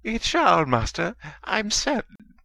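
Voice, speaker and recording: A man's voice: high-pitched, huge pitch swings, takes it slowly, creaky, sharp tone, pitched above the performer's own voice, heavily acted. A man voicing a simpering, cringing male wizard servant who pleads with his master.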